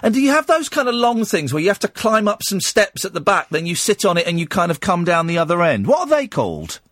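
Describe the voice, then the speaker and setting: A man's voice: sits high, big pitch swings, fast, fairly bright tone, dry recording. Radio host guy, rambling and jokey, bouncy voice, dry studio mic. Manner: rambling, playful, giggly, full of restarts. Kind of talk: late-night radio phone-in chat. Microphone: studio microphone.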